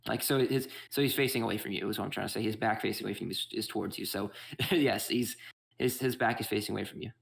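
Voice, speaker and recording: A man's voice: fairly low pitch, fast talker, creaky, fairly bright tone. A man running a tabletop game as game master, rambling and correcting himself.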